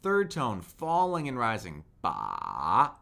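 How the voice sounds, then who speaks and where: Bright-voiced man teaching tones on a livestream. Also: medium pitch, lively intonation, normal speed. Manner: drills tones aloud with sing-song syllables, checks in with chat. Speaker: Mandarin teacher. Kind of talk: live-streamed language lesson.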